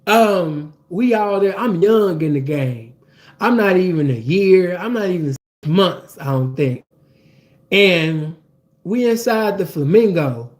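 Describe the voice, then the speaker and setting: A man with a high-pitched voice tells a profane personal story in loose, casual talk. He keeps it animated and peppers it with fillers as he goes. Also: slow.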